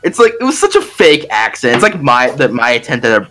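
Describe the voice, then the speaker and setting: A man's voice: mid-range voice, very animated, brisk, bright, forceful tone, faint music behind. A young man co-hosting a casual podcast, rambling and emphatic with lots of restarts. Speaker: podcast co-host. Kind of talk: casual chat.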